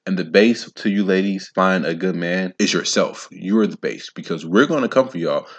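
Deep-voiced man hosting a motivational podcast. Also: moderate pace, breathy edge, dull audio. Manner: emphatic, preachy, punctuates points with sound effects; casual and slangy, addresses listeners directly. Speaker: podcast host. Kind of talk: solo motivational podcast monologue.

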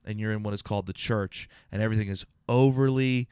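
A man's voice: fairly low pitch, fast, a little mellow, clean tone, dry recording, clean studio sound. A man hosting a podcast, a stand-up comedian telling rambling road stories with casual swearing. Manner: rambling storyteller, swears freely.

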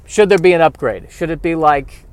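A man hosting a solo comedy podcast from his car, wry and self-deprecating, breaking into loud exasperated rants. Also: fairly high pitch, animated, moderate pace. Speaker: podcast host. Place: in a car while driving and parking.

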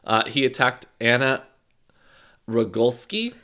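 A man's voice: medium pitch, slow, a little hiss or hum. A man co-hosting a podcast, retelling a crime story in casual chat with playful asides. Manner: lively, laughing, playful asides. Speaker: podcast co-host.

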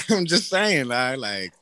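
A man co-hosting a laid-back podcast, swapping stories full of swearing and laughter. His voice sits a little high and swings widely up and down as he talks. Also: big pitch swings, slow pace, bright, forceful tone. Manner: profane, laughing storyteller. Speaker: podcast co-host. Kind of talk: casual podcast chat.

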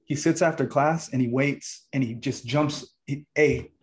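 A man's voice: mid-range voice, normal speed. A man co-hosting a podcast in casual chat, laid-back and cursing freely, calling people "man" and "dude". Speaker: podcast co-host.

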